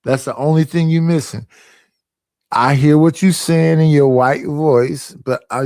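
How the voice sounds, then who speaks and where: A man hosts a livestream in a loose, street-slang way, swearing freely and leaning hard on his points. His voice sits a little high for a man, and the sound is dry and close with no room around it. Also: unhurried, warm tone, dry recording. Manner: profane, slangy and emphatic. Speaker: livestream host. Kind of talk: casual livestream commentary.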